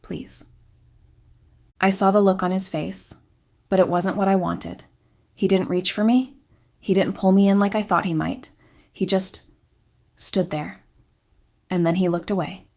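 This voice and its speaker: A woman reads a first-person confession from a script. Her voice sits at a middle pitch for a woman. Her delivery stays quiet, subdued and steady. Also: measured pace, creaky, long pauses. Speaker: story narrator.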